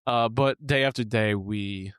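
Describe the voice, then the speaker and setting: This is a man in his thirties co-hosting a podcast, his voice sitting a little low. He tells a personal story in an animated, candid way and laughs easily. The sound is dry and close, with no room around it. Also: measured pace, clear, resonant tone, no echo. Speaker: podcast co-host.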